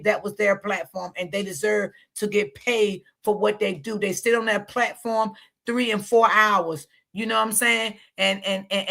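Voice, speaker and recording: A woman's voice: medium pitch, creaky, pushed and bright. A woman commentating on a live stream, blunt and profane, speaking straight to her viewers. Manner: blunt, profane, emphatic, talks straight to the audience. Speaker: online commentator.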